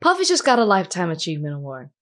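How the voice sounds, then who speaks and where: A woman from Dallas co-hosting a podcast, teasing her partner with quick retorts and frequent laughs. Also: on the low side, wildly swooping pitch, fairly bright tone. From Dallas, Texas. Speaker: podcast co-host. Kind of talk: casual chat.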